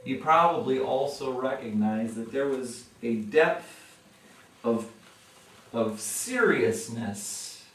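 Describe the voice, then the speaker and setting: Slow-talking male pastor, echoey and distant. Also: slight background noise. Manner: acts out voices of the people in the story, rising loud and high for quotes. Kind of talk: sermon. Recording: echoey room from far off.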